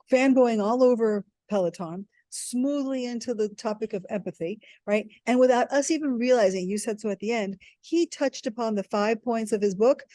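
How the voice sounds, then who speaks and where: A woman's voice: medium pitch, mellow, no echo. A woman co-hosting a podcast, reflecting enthusiastically and thinking aloud about what she learned. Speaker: podcast co-host. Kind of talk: casual reflective chat.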